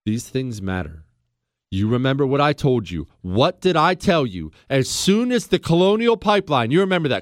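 A man's voice: mid-range voice, sing-song, normal speed, no echo, clean studio sound. A man hosting a talk radio show, delivering an emphatic, fired-up monologue full of rhetorical questions. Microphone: studio microphone.

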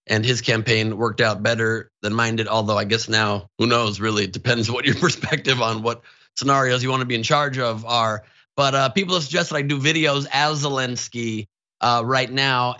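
A man's voice: medium pitch, bright, forceful tone, muffled recording. A man, a comedian and co-host, chatting casually and rambling with self-deprecating asides. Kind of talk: casual chat.

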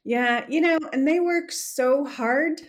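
A woman's voice: sits high, slow. A woman hosting an academic podcast interview, chatty and rambling, laughing easily. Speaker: podcast host.

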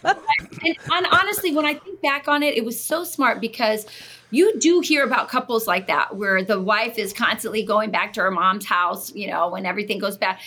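A woman guest on a podcast, telling a personal story in an animated, casual way with frequent restarts. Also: medium pitch, normal speed, breathy edge. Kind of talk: casual chat.

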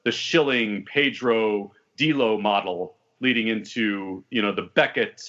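A man's voice: lowish voice, slow, fairly bright tone. Guy hosting a sports chat, jokey asides, kinda muffled lo-fi audio. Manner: wry, talkative, joking asides. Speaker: podcast host. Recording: dull lo-fi audio.

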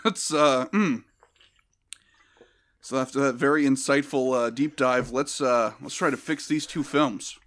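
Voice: mid-range voice, unhurried. A podcast co-host giving a casual, comedic film review, ranting in an exasperated, profane way.

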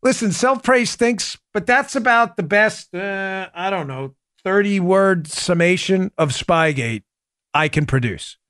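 A man's voice: high voice, a little slow, fairly bright tone, no room sound, clean studio sound. Emphatic man hosting a political show. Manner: emphatic, combative, addresses listeners as folks. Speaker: podcast host. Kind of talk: political commentary.

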